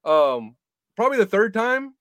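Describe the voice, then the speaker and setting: Casting: male podcast co-host, high voice, dry close sound, rambling and jokey. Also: big pitch swings, moderate pace, a bit bright, no room sound. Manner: rambling, filler-heavy, joking. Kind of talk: casual chat.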